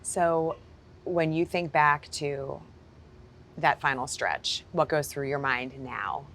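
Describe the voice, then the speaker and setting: A woman hosting an interview, asking questions in a measured, unhurried way. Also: deep voice, a bit bright, a little hiss or hum. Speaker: interview host.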